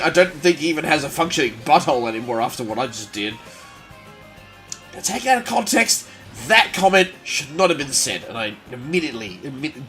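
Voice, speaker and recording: A man chatting casually on a gaming livestream, rambling and joking as he plays. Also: medium pitch. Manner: animated, rambling and jokey. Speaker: gaming streamer.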